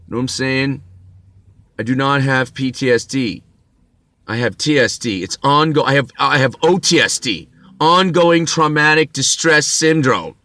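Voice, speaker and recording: A middle-aged man rants about his own troubles in a sharp, bright voice. He swears freely and stumbles into restarts as the anger builds. The sound is dry and close, with no room around it. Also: medium pitch, dry recording. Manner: intense, bitter, swears freely, stammers on restarts. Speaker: vlogger. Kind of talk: ranting personal monologue.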